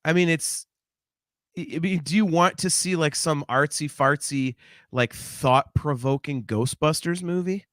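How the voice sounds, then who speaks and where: A man with a higher, bright, forward voice, talking through a film review in loose, casual chat. He circles his points with fillers and restarts and laughs easily. Dry, close podcast microphone sound. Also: a little slow, no room sound. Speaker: podcast co-host.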